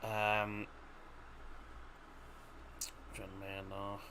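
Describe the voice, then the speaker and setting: A man's voice: lowish voice, completely flat delivery, extremely slow, very noisy. A man with a Yorkshire English accent hosting a football livestream, chatting casually with viewers, thinking aloud and calling them "mate". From England. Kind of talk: casual live-stream watchalong chat.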